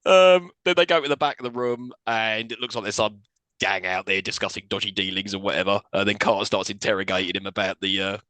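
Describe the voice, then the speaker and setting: A man's voice: lowish voice, fast, no echo. A man co-hosting a podcast, casually recapping a film, acting out scenes and laughing often. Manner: animated storyteller, acts out scenes in voices, laughs often. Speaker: podcast co-host.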